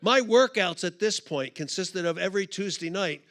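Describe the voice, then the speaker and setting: A conference speaker tells a long comic story from the stage, acting out each person's lines. His voice sits high and carries a gravelly rasp. He is lively and clearly used to working a live room. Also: moderate pace. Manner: animated, comic storyteller acting out quoted dialogue. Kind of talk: storytelling sermon.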